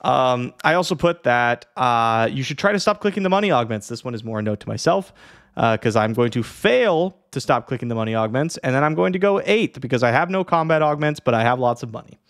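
A man's voice: medium pitch, fairly quick. Chatty man explaining a game casually. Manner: chatty, lively, with frequent fillers and yawns. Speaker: streamer teaching a strategy game. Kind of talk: casual tutorial talk.

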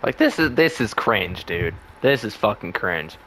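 Low-voiced profane gamer trash-talking. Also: male voice, unhurried, soft background music. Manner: profane trash talk, laughs often, excitable. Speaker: gaming channel host. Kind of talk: casual gameplay commentary.

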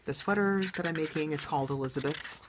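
Low-voiced chatty woman host. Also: fast, slight background noise. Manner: chatty and enthusiastic, thinking aloud with fillers. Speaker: knitting podcast host. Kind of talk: casual show-and-tell chat.

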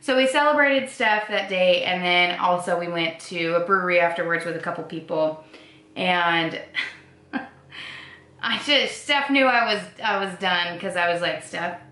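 A young woman chatting as a guest, telling stories in a loose, relaxed way and dropping in filler words. Her voice is bright, and the room carries an echo. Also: lowish voice, normal speed. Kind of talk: casual chat. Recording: echoey room.

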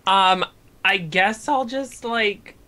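A woman's voice: medium pitch, slow, sharp tone. A young woman playing a tabletop game, offhand and trailing her thoughts as she decides. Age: young adult. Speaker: player. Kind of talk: casual tabletop play.

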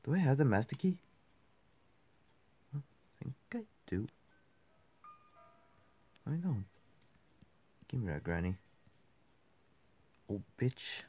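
A man commentating on a horror game he is playing, swearing constantly and swinging between quiet mutters and angry yelling. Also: mid-range voice, very animated, slow, pauses often, soft background music. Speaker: gameplay commentator. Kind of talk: casual let's play commentary.

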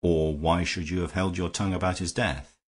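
A man reading an audiobook, voicing a mild, measured gentleman detective who reasons quietly. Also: sits low, fairly even intonation, slight background noise, lightly acted. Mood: calm, mild. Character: calm, shrewd gentleman detective.

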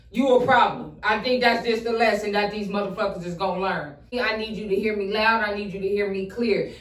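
A woman host reacting to freestyles, excited and profane and talking straight at her audience. Her voice sits a bit high. It echoes around the room from a mic set back from her. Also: far from the mic. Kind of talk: casual reaction commentary.

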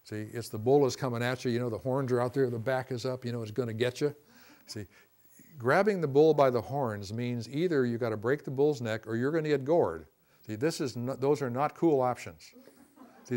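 A man teaching a class on communication, folksy and conversational, often saying "see" and "you know" and acting out quick quotes. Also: mid-range voice, darkish tone. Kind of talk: classroom lecture.

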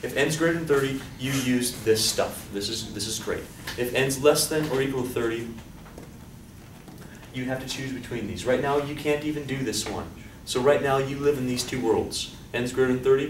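A male statistics teacher lecturing a class in an animated, joking way, often asking students questions. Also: medium pitch, far from the mic. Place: lecture hall. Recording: echoey hall, voice off-mic, faint hiss.

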